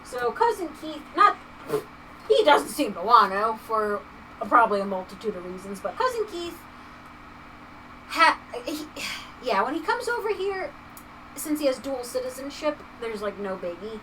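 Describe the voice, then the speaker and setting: A woman's voice: high voice, sing-song, moderate pace, bright, forceful tone, recorded from a distance, a little hiss or hum, poor audio. A woman hosting a livestream, chatting casually in a rambling way with lots of filler words while she crafts at home. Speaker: livestream host.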